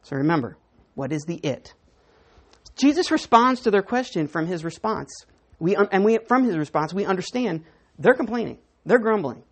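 Lively-voiced woman preaching a sermon. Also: mid-range voice, moderate pace, breathy edge. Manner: conversational teaching, asks the congregation questions. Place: church.

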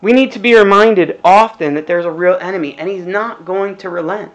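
A man's voice: high voice, fairly quick, rough recording. A middle-aged male pastor giving a conversational sermon, full of rhetorical questions.

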